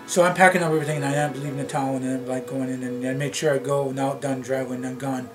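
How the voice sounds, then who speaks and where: A man from Canada telling a personal story to his camera in a rambling, halting way, with many restarts. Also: medium pitch, level tone, poor audio. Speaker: vlogger. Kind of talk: casual storytelling vlog. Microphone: camera mic. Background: background music.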